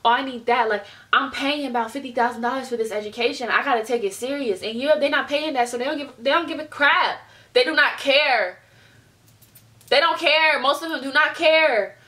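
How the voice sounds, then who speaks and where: Bright-voiced young woman ranting to camera. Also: high voice, fairly quick. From United States. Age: young adult. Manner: animated storytelling, mimics people in other voices. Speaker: vlogger. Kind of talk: casual ranting vlog. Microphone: webcam at desk.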